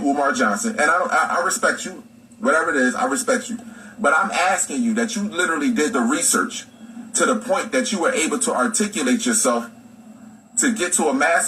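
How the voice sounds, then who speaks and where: A man's voice: mid-range voice, sharp tone, a little hiss or hum, poor audio. A man delivering an impassioned, profane monologue to his audience, firing off rhetorical questions with heavy emphasis. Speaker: social media commentator.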